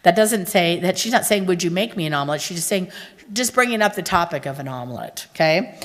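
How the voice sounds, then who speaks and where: A woman's voice: lowish voice, expressive, brisk. A middle-aged woman gives a humorous talk to a conference audience, telling stories and speaking straight to the listeners. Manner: joking, storytelling, addresses the audience directly. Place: large conference hall. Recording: long hall reverb.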